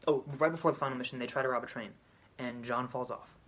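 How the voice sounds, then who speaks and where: A man's voice: medium pitch, fairly even intonation, fast talker, fairly bright tone. Man rambling through a game story. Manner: rambling, with frequent restarts and self-corrections. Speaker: video creator. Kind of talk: casual retelling of a game story.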